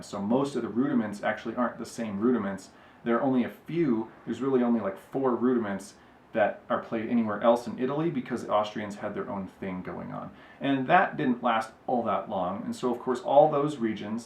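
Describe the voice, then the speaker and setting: Rambling male drum teacher, echoey room. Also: fairly low pitch. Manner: relaxed, rambling with fillers and asides. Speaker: drumming educator. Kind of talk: casual explanatory lecture.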